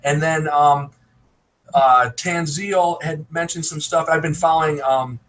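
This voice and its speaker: Emphatic American man with a higher voice. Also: fairly even intonation, unhurried, fairly bright tone, rough recording. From United States. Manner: emphatic, advice-giving, laughs often. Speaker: online business promoter. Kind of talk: casual live video chat. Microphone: video call.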